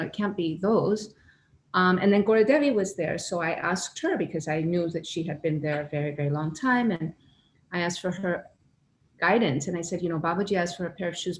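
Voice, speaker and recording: A woman telling a personal spiritual story in an earnest, animated way, acting out her own inner voices. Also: lowish voice, slight background noise. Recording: echoey room with faint ambience.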